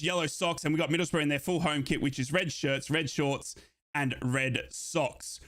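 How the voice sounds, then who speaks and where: An Australian man hosting a live football watchalong stream, chatty and excitable, reading out chat messages and sometimes shouting hype. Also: high-pitched.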